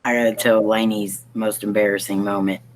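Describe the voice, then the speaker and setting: A woman's voice: very deep voice, flat delivery, fairly quick, poor audio. Easygoing woman telling a story. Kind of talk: casual chat.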